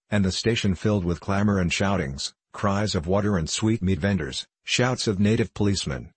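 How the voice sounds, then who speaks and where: As an audiobook narrator, a man reads from a novel in a measured, even storytelling style. His voice is low and slightly rough, and the scripted narration carries no room sound.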